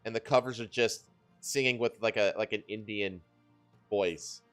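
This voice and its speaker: A man's voice: lowish voice, moderate pace, fairly bright tone, soft background music. A man co-hosting a podcast, reading news stories in a loose, joking way and laughing often. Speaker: podcast co-host. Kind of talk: casual news chat.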